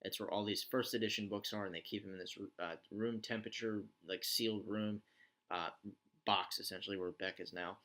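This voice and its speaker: A man's voice: lowish voice, fairly even intonation, a little fast, fairly bright tone. A man recapping a TV show in a casual, rambling way, with sarcastic asides. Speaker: TV show reviewer.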